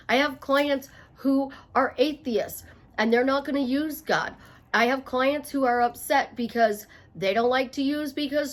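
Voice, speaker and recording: A middle-aged female life coach gives a motivational talk to her listeners. Her voice is slightly high, she hammers each point home through repetition, and playful asides interrupt her emphatic delivery.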